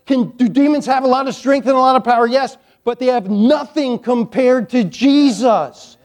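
A man's voice: very high voice, normal speed, a little mellow. A male pastor preaching a sermon, emphatic, repeating key lines and dropping playful asides to the congregation.

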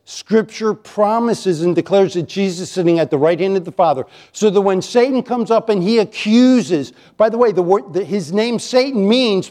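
A man, a pastor, preaching a sermon to his congregation with emphatic delivery, slowing down on key lines. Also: high voice, a little mellow. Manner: emphatic, varies pace, slows for key lines, rises when acting out accusations. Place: church sanctuary with a congregation.

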